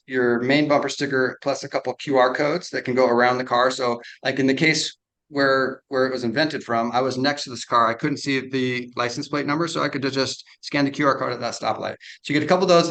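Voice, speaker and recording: A man's voice: medium pitch, bright, forceful tone, poor audio. A man explaining his invention in a casual podcast interview. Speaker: inventor guest.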